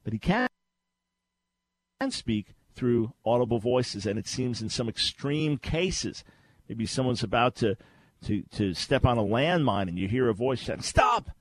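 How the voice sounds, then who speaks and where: Radio host, male, animated storyteller who repeats his points for emphasis. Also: mid-range voice, a little slow. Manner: lively storyteller who repeats key phrases. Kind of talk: call-in radio teaching.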